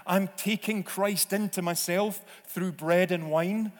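Male pastor, slightly high voice, unhurried preaching, church reverb. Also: fairly even intonation. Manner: slow, deliberate preaching with acted-out voices. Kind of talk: sermon. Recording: long reverb of a church hall.

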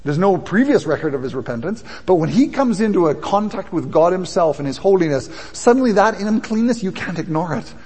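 A man with a fairly high, slightly husky voice delivers a sermon. His talk is casual and conversational, then grows emphatic and insistent. The sound carries a long reverb, as if heard in a large church hall. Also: sing-song, a little fast, hardly any pauses, warm tone. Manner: conversational preaching, rising in intensity. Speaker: pastor.

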